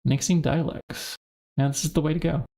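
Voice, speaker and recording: Muttering to himself while he digs through items, this man thinks out loud during a casual stream of a modded game. His voice is a little high and mellow, with vocal fry, a steady tone and a moderate pace.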